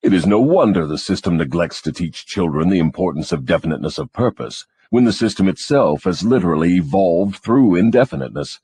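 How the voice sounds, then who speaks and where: A man voicing a deep, husky gloating devil. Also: lively intonation, fairly quick, few pauses, a little mellow, no echo. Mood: lecturing. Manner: mocking, gloating, lecturing. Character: scornful male devil, gloating and cunning. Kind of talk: audiobook dramatization.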